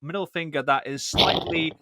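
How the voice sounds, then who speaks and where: A man's voice: on the high side, steady tone, normal speed, heavy background noise. A man co-hosting a podcast in casual chat, joking crudely and laughing often. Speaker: podcast co-host.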